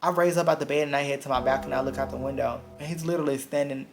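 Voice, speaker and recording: A man's voice: medium pitch, steady tone, racing, vocal fry, over music. A man telling a dramatic personal story in a blunt, profane storytime vlog. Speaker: vlogger.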